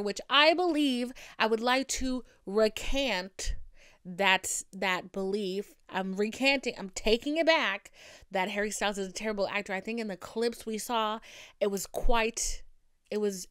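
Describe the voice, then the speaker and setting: A woman's voice: medium pitch, clean tone, no echo, studio quality. Chatty woman with a light Boston accent. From Boston area, USA. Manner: chatty, profane, animated and dramatic. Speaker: podcast host. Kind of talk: casual monologue.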